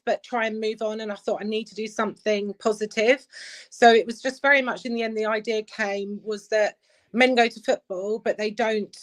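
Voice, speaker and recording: Chatty woman in her fifties. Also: mid-range voice. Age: 50s. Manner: chatty, emotional, lots of "like" and "literally". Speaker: guest, club player care head. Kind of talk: casual interview chat.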